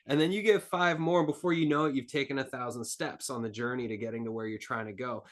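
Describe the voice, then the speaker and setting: A man's voice: medium pitch, steady tone, fast. A man speaking as an entrepreneur guest on a podcast, earnest and rambling, with lots of filler words. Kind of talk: casual interview talk.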